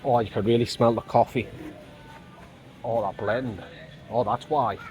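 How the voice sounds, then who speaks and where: A man's voice: mid-range voice, steady tone, unhurried, a little mellow. A man with an English accent chatting casually while out shopping, full of small exclamations. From England. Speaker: vlogger.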